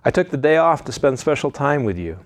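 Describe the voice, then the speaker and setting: A man voicing a loving, patient father in a read-aloud storybook, speaking slowly and reassuringly. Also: medium pitch, sing-song, dry recording, close to an everyday voice.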